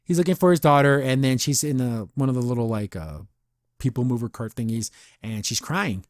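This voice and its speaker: Here a man hosts a podcast and goes over an episode in a chatty, rambling way, laughing often and saying "I don't know" again and again. His voice is mid-range and a little fast. The recording is dry and studio quality.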